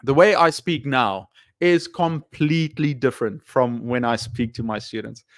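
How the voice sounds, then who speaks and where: Male English teacher chatting on a live stream; hesitant, lots of fillers, smooth tone. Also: medium pitch, moderate pace, no room sound, studio quality. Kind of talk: casual live stream chat.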